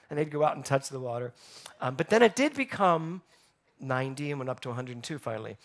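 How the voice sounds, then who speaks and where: Animated male pastor, slightly high voice. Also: quick pace, creaky. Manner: animated storytelling, rhetorical questions. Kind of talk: sermon. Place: church sanctuary.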